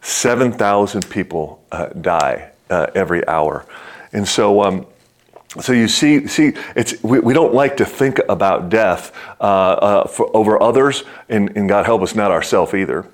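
Middle-aged male pastor, casual storytelling sermon delivery, halting with fillers, sobers down low for weighty lines. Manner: storytelling with many fillers and restarts, dropping low and slow for serious words.

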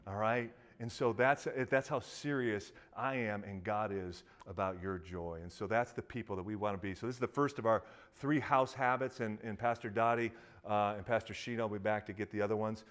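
A middle-aged man, a pastor, preaching a sermon in a conversational way, with many restarts and fillers, lively in stories and quiet and earnest in prayerful parts. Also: lowish voice, normal speed. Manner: animated storytelling that drops to a quiet, earnest tone.

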